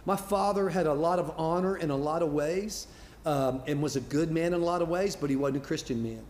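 Middle-aged male pastor, slightly high voice, conversational sermon delivery with repeated words, echoey church room. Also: a little fast, darkish tone. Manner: conversational preaching with repeated words and acted quotes. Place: church sanctuary.

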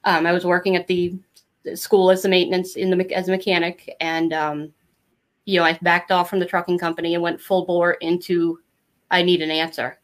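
A woman's voice: on the low side, a little fast. A middle-aged woman talking as an interview guest, telling a personal story in a candid, rambling way and acting out other people's lines. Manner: candid, rambling, animated when quoting others. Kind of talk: casual storytelling.

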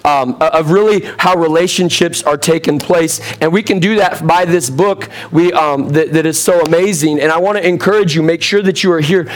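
A young man preaching a sermon as pastor, a little hoarse, telling funny stories with lively asides. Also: a little high, moderate pace, few pauses. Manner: humorous, storytelling, lively asides.

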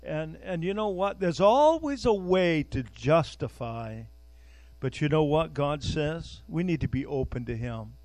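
Older man, preacher, informal sermon, halting repeats, fairly high voice, dry sound. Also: expressive, a little mellow, dry recording. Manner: conversational, repeats words while searching for them.

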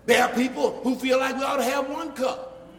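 A male pastor preaching a sermon, building from quiet explaining to loud shouted points and mocking the voices of critics. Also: very high-pitched, steady tone, normal speed. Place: church sanctuary. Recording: echoey hall from far off.

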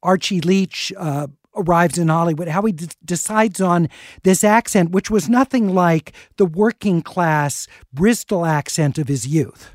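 A man hosting a radio film program, introducing clips and interviewing a guest in a measured, conversational way. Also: high voice, a little mellow, no echo, studio quality. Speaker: radio talk show host.

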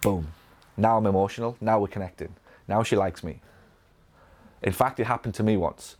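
Man, Northern English accent, lowish voice, live Q&A coaching, energetic, frequent restarts. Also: moderate pace. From England. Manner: energetic, repetitive restarts, acts out patient dialogue. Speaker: physio business coach. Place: event room.

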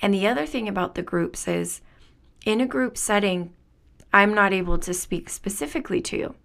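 A woman's voice: mid-range voice, normal speed, gravelly, fairly bright tone. A woman hosting a spiritual podcast, talking in an earnest, enthusiastic way and laughing often. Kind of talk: reflective spiritual monologue.

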